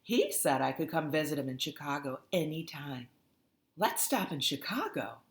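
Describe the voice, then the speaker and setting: A woman's voice: low-pitched, very animated, normal speed. A woman doing a wry, doubtful teenage boy. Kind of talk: audiobook character voice. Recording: roomy echoey recording.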